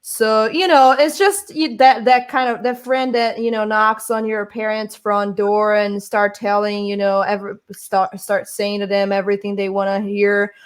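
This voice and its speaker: A woman's voice: mid-range voice, moderate pace, hardly any pauses, clear, resonant tone. A woman from Brazil with a Brazilian Portuguese accent, chatting casually and telling stories with lots of restarts. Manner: animated storytelling with many restarts. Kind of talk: casual chat.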